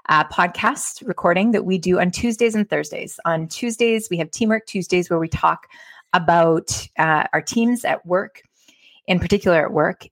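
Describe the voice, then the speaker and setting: A woman's voice: lowish voice, no room sound. A woman hosting a live podcast recording, speaking in a reflective, inviting way. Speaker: podcast host. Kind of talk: casual podcast chat.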